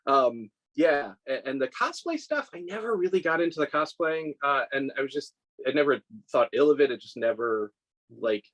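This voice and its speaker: A man's voice: medium pitch, sing-song, moderate pace, a bit bright, rough recording. A man in his forties, a scale model maker, telling stories in a casual interview with lots of restarts and self-deprecating laughs. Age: 40s.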